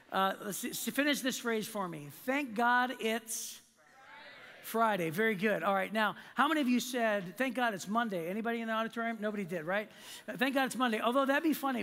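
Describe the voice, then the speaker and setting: Bright, gravelly male preacher in a hall. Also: high-pitched. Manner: animated storytelling with acted-out quotes. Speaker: pastor. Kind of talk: sermon storytelling. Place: large church auditorium. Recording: long hall reverb.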